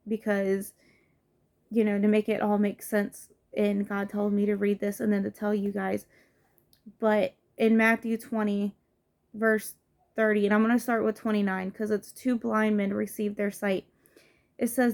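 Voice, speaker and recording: A woman's voice: medium pitch, little pitch movement, a little slow, darkish tone. A woman who has children, giving an informal, earnest home devotional as a lay preacher, talking casually with fillers and restarts. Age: adult with children.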